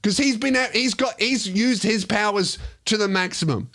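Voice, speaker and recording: Aussie guy on his podcast, pretty high voice, swearing nonstop and ranting hot. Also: moderate pace, fairly bright tone. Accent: Australian. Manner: heated, profane, ranting. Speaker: podcast host. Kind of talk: ranting casual podcast talk.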